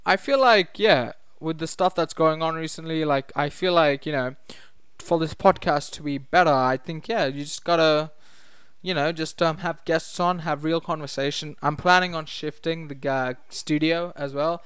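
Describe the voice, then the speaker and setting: A man's voice: fairly high pitch, moderate pace, fairly bright tone, smooth, no echo. Chatty young man, solo podcast host. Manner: rambling, self-deprecating, laughs often. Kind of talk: casual solo podcast chat. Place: home study room.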